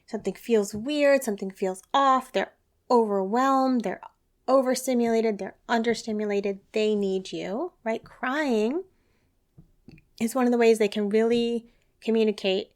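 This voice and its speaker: A woman hosting a solo parenting podcast. She talks in an earnest, reassuring, conversational way and often checks in with a quick "right?". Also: on the high side. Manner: earnest and reassuring, lively emphasis. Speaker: podcast host, parenting educator.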